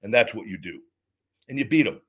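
A man's voice: lowish voice, fairly quick. Heated, foul-mouthed middle-aged man host. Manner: profane, heated ranting that swings to calm, rambling advice; repeats words and restarts often. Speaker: show host answering viewer questions. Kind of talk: unscripted livestream chat.

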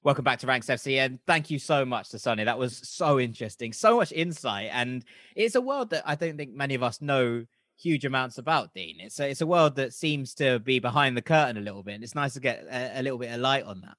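A man hosting a casual football podcast, presenting in a brisk, upbeat way. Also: mid-range voice, lively intonation, a bit bright, dry recording, studio quality. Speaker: podcast host.

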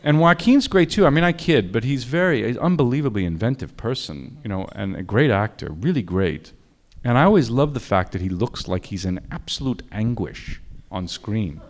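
A man's voice: mid-range voice, expressive, moderate pace. Male film director, interview, anecdotal, self-deprecating, restarts sentences often. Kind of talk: interview conversation.

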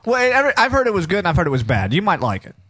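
A man's voice: high voice, huge pitch swings, quick pace, pushed and bright, husky. A man hosting a radio comedy show, chatting casually and joking with his co-hosts. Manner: playful, breaks into silly impressions and laughter. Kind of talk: casual studio banter with impressions.

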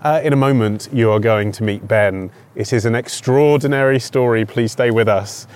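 A man's voice: medium pitch, moderate pace, smooth. A man hosting a podcast, chatting playfully and teasing his co-host. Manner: playful, teasing, animated storytelling. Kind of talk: casual chat.

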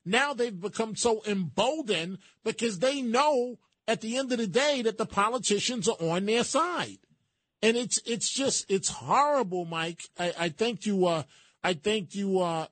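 Male talk radio host, slightly high voice, dry close studio mic. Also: expressive, fairly bright tone, no room sound. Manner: brisk, agreeable, reads promos. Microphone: studio microphone.

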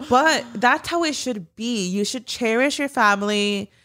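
A young woman co-hosting a podcast, chatting casually and telling an animated story, swearing freely. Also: on the high side, unhurried. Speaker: podcast co-host. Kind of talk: casual chat.

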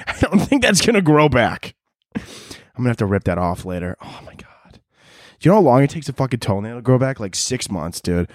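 A man's voice: fairly low pitch, a little mellow, no room sound, studio quality. A young man hosting a podcast, ranting casually and sarcastically with lots of swearing. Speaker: podcast host. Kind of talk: casual solo rant.

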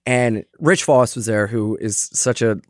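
A man in a casual interview recounts his start in stand-up, swearing freely. He slips into other voices with sudden high leaps in pitch. The sound is close and dry. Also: unhurried, no room sound. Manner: animated, swearing, acts out voices with big pitch jumps. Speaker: comedian guest.

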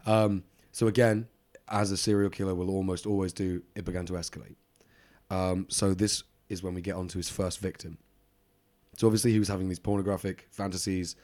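This co-host has a deep, slightly mellow voice that barely moves in pitch, and he speaks briskly. He rambles through a true-crime tale on the podcast, dropping plenty of ums and asides and laughing along.

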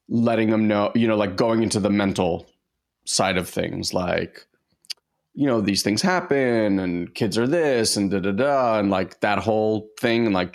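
A man co-hosting a casual podcast, telling a heartfelt personal story in a halting way, with lots of fillers and restarts. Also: fairly low pitch.

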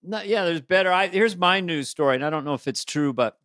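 A man's voice: sits high, a little fast, fairly bright tone, no room sound, clean studio sound. A man hosting a comedy podcast, chatting casually and slipping into silly impressions. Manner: playful, breaks into silly put-on voices.

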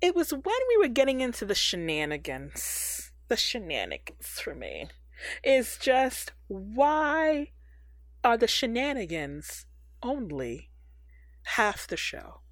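Animated, sarcastic woman ranting in a dry room. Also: a little high, slow pace, dry recording. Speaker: podcast co-host. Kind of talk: casual chat reviewing a TV episode.

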